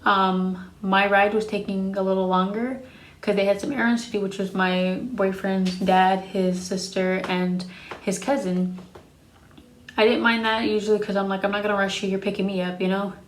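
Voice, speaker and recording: A woman's voice: medium pitch, level tone, moderate pace, echoey room. A young adult woman telling a personal story in a casual storytime vlog, frank and profane. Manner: frank and profane, blunt retelling.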